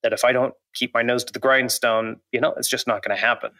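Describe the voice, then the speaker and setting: A man in his thirties, an author talking reflectively in an interview, measured and thoughtful with frequent restarts. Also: mid-range voice, level tone, sharp tone, dry recording. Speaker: fantasy author, guest.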